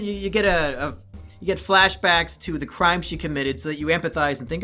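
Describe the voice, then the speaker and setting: Profane, sarcastic male reviewer, bright voice. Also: sits high, unhurried, soft background music. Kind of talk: comedic review commentary.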